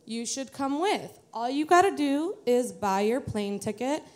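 A woman voicing her young female friend, rushed and pleading in a storytelling set. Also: high voice, expressive.

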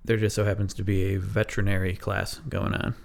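A man's voice: low voice, completely flat delivery, fairly quick, gravelly. A man co-hosting a podcast, improvising a bedtime story with hesitant, rambling asides and dry humor. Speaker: podcast co-host.

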